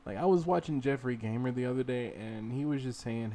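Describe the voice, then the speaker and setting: A man's voice: medium pitch, fairly quick, dark tone. A man hosting a casual screen-share game modding tutorial, rambling as he works and urging viewers to try things themselves. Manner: rambling, talks to viewers directly and urges them on. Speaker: gaming livestream host.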